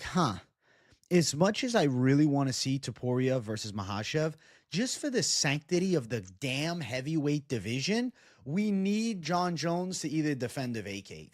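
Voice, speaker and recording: A man hosting a casual livestream and chatting with viewers, animated and profane. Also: medium pitch, no room sound, clean studio sound. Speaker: livestream host.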